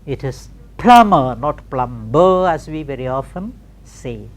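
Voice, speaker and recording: A woman's voice: a bass voice, lively intonation, a little slow. A middle-aged woman teaching pronunciation, spelling words out letter by letter and repeating them carefully. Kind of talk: slow recorded classroom lesson.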